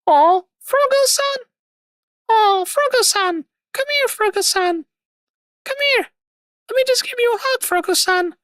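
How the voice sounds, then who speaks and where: A bubbly anime waifu girl, voiced by a woman, gushing with exaggerated cuteness. Her squeals sit far above a normal speaking voice, and the tone is bright and sharp. It is a clingy, sugary sound. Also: very high voice, animated, measured pace, long pauses, dry recording, studio quality, voice pushed up, exaggerated voice.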